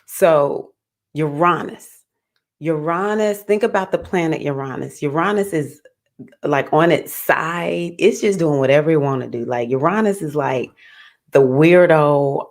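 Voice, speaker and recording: Low-voiced, playful woman astrologer. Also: a little slow. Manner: animated and playful, laughs often, calls listeners "baby". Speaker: astrologer, host. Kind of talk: casual livestream talk.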